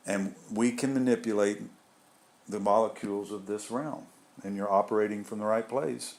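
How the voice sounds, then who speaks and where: Speaking at a moderate pace in a steady, somewhat low and slightly mellow voice, a man leads a group through an informal spiritual talk. His delivery rambles, conversational and full of restarts and asides.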